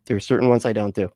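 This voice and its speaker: A man's voice: lowish voice, mellow, no room sound, clean studio sound. A man hosting a live reaction stream, sarcastic and laughing through his jokey asides.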